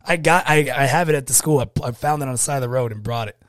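Profane, animated man telling stories. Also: medium pitch, very fast, dry recording, clean studio sound. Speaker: podcast co-host. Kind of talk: casual podcast chat.

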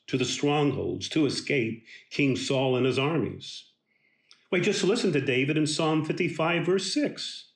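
A man giving a devotional Bible teaching in a slow, emphatic and earnest way. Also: medium pitch, echoey room.

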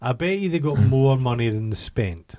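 A man's voice: mid-range voice, animated, normal speed, warm tone, no echo. A Scottish man co-hosting a podcast, chatting about a film in a wry, rambling and crude way. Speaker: podcast co-host. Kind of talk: casual film review chat.

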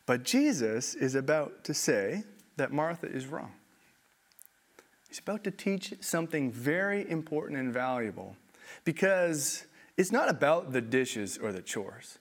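Young adult man, pastor, sermon, animated storytelling, swooping expressive pitch. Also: measured pace. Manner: animated storytelling, acts out quoted voices.

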